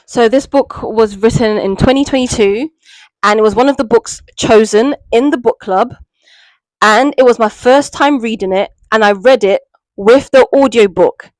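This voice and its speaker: A woman's voice: fairly high pitch, normal speed, dry recording, poor audio. A British woman chatting casually through a book review, with plenty of fillers and asides. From Britain.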